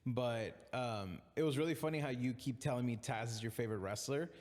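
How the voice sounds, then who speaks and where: A man's voice: mid-range voice, brisk, a little mellow. A man hosting a podcast, chatting casually about wrestling in a joking, laid-back way with plenty of fillers. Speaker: podcast host. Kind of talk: casual chat. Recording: long reverb in the room.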